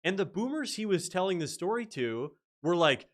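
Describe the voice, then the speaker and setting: Animated man hosting a livestream. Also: high voice, a little fast, few pauses. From Canada. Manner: animated storyteller reading chat aloud. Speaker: livestream host. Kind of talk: casual livestream commentary.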